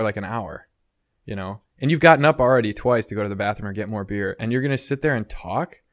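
A man's voice: medium pitch, no room sound. Man, casual podcast chat, rambling storyteller, dry close sound. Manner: rambling storyteller, lots of "you know" and "like".

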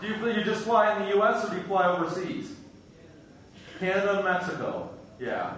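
Crude loud-mouthed comedian roasting the crowd, mic far off in a boomy club, crowd noise. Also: male voice, very animated, quick pace, heavy reverb. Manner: brash, crude, teasing. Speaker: stand-up comedian. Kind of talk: stand-up crowd work.

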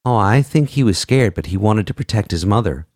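A man voicing a gentle mother who talks soothingly to her young son. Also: lowish voice, lively intonation, brisk, no room sound, clean studio sound, voice pushed up. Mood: tender. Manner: soft, reassuring.

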